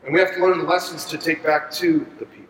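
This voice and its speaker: A man leading a Bible study for ministry leaders, talking in an animated, conversational way and asking the group to agree. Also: fairly high pitch, fast, slight background noise. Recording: echoey room, far from mic.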